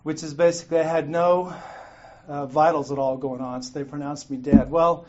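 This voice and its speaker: In a muffled, lo-fi recording with clear noise, a middle-aged guest speaker tells a group in a meeting room about his own recovery. His voice is a little high and slightly mellow, with fairly even intonation and a moderate pace; he's candid, profane, and often laughs at himself.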